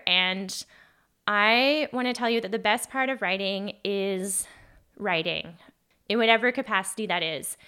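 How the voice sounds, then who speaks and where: A woman's voice: mid-range voice, pushed and bright, smooth. A woman in her thirties hosting a solo podcast, talking in a chatty, earnest way full of "like" and self-corrections. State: briefly emotional, voice catching. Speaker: podcast host.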